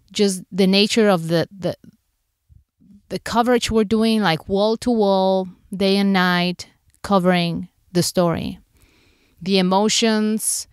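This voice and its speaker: A woman's voice: mid-range voice, clean tone, no room sound, clean studio sound. A woman podcast host candidly retelling an emotional personal story, acting out her own inner thoughts as she goes.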